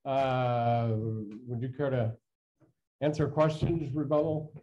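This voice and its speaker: A man chairing a public council hearing with a reassuring, procedural manner. His voice is mellow and dark, and the meeting audio sounds dull and lo-fi. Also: mid-range voice, steady tone, slow.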